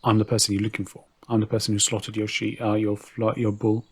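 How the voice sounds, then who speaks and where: A man's voice: lowish voice, monotone, fast, slightly rough. A man voicing a sly scheming trickster. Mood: confessing. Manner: quiet, calculating.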